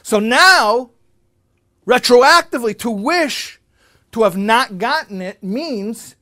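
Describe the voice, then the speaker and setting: An animated male speaker with a high voice, telling a story to his listeners. He often repeats words when he gets going, and he shifts between loud bursts and quiet asides. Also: slow. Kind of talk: storytelling talk.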